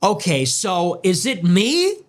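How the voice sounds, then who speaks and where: A man's voice: high voice, big pitch swings, slow pace. A man giving ranting political commentary in a sarcastic, mocking, emphatic way. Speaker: political streamer.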